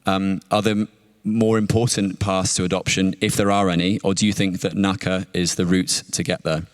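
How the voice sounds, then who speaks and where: A man's voice: low voice, flat delivery, moderate pace. British man moderating a conference panel. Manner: apologetic, chatty, self-deprecating. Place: conference stage.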